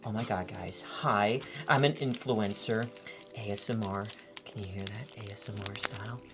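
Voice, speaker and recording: A man voicing a mock young influencer in a whispered role-play, with a breathy whisper. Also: fairly low pitch, moderate pace, lightly acted. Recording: loud music behind.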